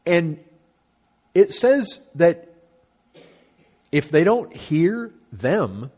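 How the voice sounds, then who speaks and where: A pastor delivers an earnest sermon at a slow pace, his voice carrying a husky edge. He repeats phrases and climbs in pitch to stress each point, his melody animated and swinging widely as he preaches.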